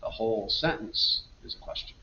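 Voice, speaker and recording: Man, patient grammar teacher, bright voice, dull roomy distant recording. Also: moderate pace, a little hiss or hum. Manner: patient, explanatory, reads example sentences aloud. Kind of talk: slideshow grammar lesson.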